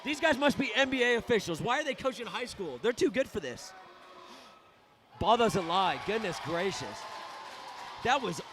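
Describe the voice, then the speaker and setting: A young man doing live play-by-play for a high school basketball game, often shouting in outrage at the referees. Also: big pitch swings, normal speed, long pauses, noisy background. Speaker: student play-by-play commentator.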